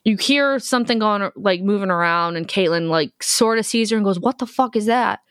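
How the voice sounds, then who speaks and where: A woman's voice: medium pitch, moderate pace, clean tone, dry recording, clean studio sound. A woman co-hosting a podcast, recapping a movie in casual chat and acting out the characters' lines. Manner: animated retelling, acts out characters' lines, swears freely. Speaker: podcast co-host.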